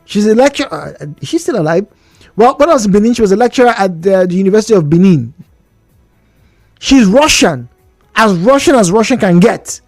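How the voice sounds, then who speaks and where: Nigerian man, radio host, animated swinging pitch, dry close studio mic, chatty and questioning. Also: fairly quick, dry recording, faint music behind. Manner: chatty, rhetorical questions, laughs between points. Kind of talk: call-in radio talk. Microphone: studio microphone.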